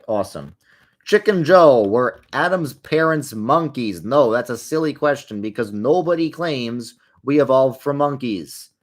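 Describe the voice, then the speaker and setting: Young male streamer, mid-pitch voice, loose and rambling, quick sarcastic asides between answers. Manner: rambling, chatty, drifting into wry sarcastic asides. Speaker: livestream host answering viewer questions. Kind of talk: casual livestream chat while playing a game.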